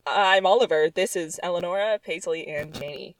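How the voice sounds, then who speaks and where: A woman's voice: on the low side, moderate pace, lightly acted, rough recording. A woman reading as an awkward teenage boy. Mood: flustered.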